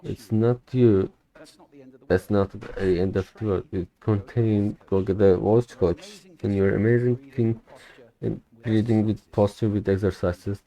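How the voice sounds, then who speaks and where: A young man whose first language is Turkish, shadowing a recorded speech aloud in English, with careful, deliberate delivery and occasional slips. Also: fairly low pitch, steady tone, warm tone, rough recording. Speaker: language learner.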